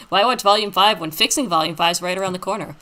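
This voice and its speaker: A woman's voice: lowish voice, fast, sharp tone. A woman co-hosting a casual live stream chat, rambling and laughing often as she reads out comments. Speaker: podcast co-host.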